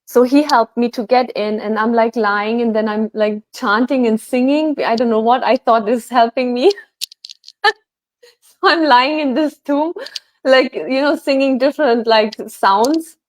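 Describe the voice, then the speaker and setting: Chatty higher-voiced woman telling a story. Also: measured pace, dry recording. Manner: animated, chatty, many fillers like "like" and "you know". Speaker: guest healer. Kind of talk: casual storytelling.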